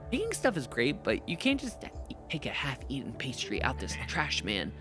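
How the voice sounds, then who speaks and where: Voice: mid-range voice, huge pitch swings, moderate pace, music in the background. A streamer playing a role-playing game, chatting casually, laughing often and reading the game's dialogue aloud. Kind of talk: casual gameplay commentary, voicing characters.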